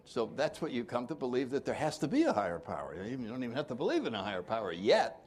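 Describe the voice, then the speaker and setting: Animated, joking man giving a workshop talk. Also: medium pitch, fast talker, few pauses, a little hiss or hum. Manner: jokey, acts out quoted voices, laughs often. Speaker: twelve-step workshop speaker.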